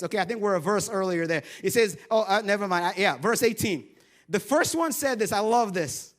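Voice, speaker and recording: A man's voice: sits high, expressive, a little fast. A male pastor preaching a sermon in a humorous, conversational storytelling way.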